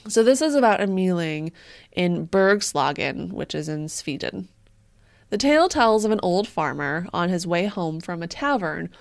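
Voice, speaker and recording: A woman co-hosting a podcast, retelling creepy folklore in a wry, deadpan way with casual swearing. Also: medium pitch, creaky. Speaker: podcast co-host.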